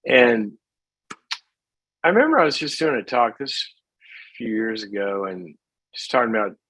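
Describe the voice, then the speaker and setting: A man's voice: mid-range voice, lively intonation, normal speed, fairly bright tone, no room sound, low-quality recording. A middle-aged man hosting a call-in advice show, talking in a casual, folksy way and acting out little scenes.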